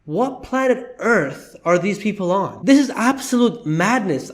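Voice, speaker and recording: Fired-up male commentator with a high voice, indignant and exclaiming. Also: sing-song, measured pace, hardly any pauses. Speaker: commentary vlogger. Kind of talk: opinion commentary.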